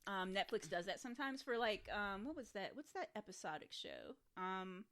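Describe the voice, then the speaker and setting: Woman, podcast co-host, casual chat, lively pitch, relaxed, filler-heavy. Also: normal speed. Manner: relaxed, uses many fillers like "like".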